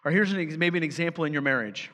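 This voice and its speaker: A man's voice: on the high side, very fast, sharp tone. A man preaching a sermon as pastor, emphatic and building to fervent urgency. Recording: church hall reverb.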